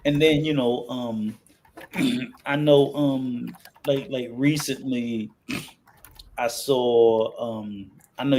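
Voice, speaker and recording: A man in his fifties chatting casually on a podcast, halting with many fillers and restarts, then ranting with heat. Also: medium pitch, vocal fry, fairly bright tone, slight background noise. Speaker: podcast host.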